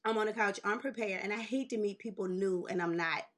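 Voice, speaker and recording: A woman in her forties telling a long story in casual chat, animated and swearing, laughing as she goes and jumping high when she quotes people. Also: fairly quick. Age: 40s. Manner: jumps high in pitch when quoting people. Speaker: podcast host.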